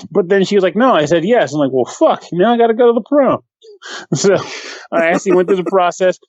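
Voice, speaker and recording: Swearing, animated male podcast storyteller. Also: high voice, a little fast, no room sound, muffled recording. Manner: animated storyteller, swears freely, acts out the people he quotes. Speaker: podcast co-host. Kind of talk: casual chat.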